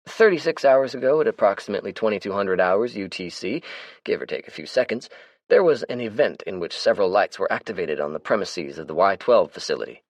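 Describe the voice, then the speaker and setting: A man voicing a chatty, brash male survivor who talks loud, cocky and folksy. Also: lowish voice, animated, a little fast, dry recording, voice pushed up.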